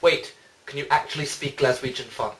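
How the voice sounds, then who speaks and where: A man's voice: mid-range voice, steady tone, fairly quick, a bit bright, distant mic, close to an everyday voice, poor audio. A man voicing a smug, aloof detective in a fan parody, dry and sarcastic. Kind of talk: fan parody audio drama.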